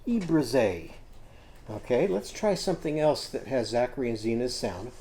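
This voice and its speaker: A man teaching a children's literacy lesson, patiently sounding out words slowly while he draws. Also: medium pitch, expressive, dark tone, a little hiss or hum.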